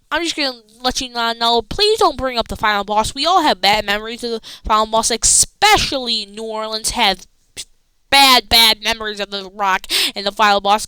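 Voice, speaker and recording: A woman casually recapping a wrestling show, rambling excitedly with slangy asides. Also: high voice, smooth, no room sound, rough recording.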